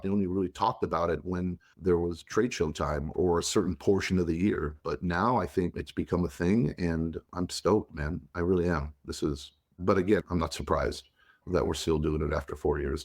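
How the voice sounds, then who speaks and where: A man co-hosting a podcast, chatting casually and telling long, animated, teasing stories. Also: low voice. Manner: animated, rambling storyteller, teasing. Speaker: podcast co-host. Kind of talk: casual chat.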